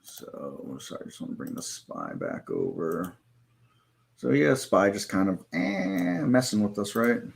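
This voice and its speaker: A man hosting a live trading stream, walking through software in a loose, rambling way with many fillers and self-corrections, and hiccups now and then. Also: on the low side, huge pitch swings, unhurried, creaky, husky. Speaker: live trading room host.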